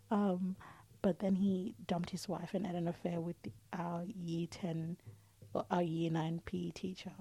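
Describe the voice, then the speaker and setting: A woman in a casual chat, often talking softly, near a whisper. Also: lowish voice, steady tone, normal speed, breathy edge, dry recording, low-quality recording. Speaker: podcast co-host.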